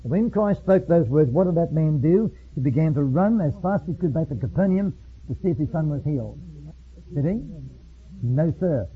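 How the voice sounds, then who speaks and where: A man's voice: on the high side, lively intonation, a little hiss or hum. Man, sermon, solemn reading then loose explanation, phone-like sound. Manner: reads slowly and solemnly, then speaks freely with repeats. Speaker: preacher. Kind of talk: sermon with read-aloud passages. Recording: phone-like lo-fi line.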